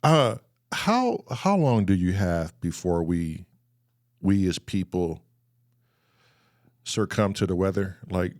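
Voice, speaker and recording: Slow, reflective male co-host. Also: low voice, lively intonation, a little mellow, no room sound, studio quality. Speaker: podcast co-host. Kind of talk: casual interview conversation.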